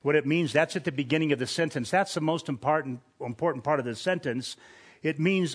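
A man's voice: on the high side, fairly quick, husky. A man preaching a sermon from scripture in an earnest, emphatic way, lifting his voice on key points. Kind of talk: expository sermon.

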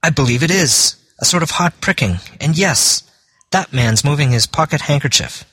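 A man playing an impulsive, boyish Victorian gentleman, his voice lifted well above an ordinary speaking pitch. He speaks in quick, excitable outbursts, like a character from a read-aloud classic story. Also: breathy edge, dry recording. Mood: alarmed.

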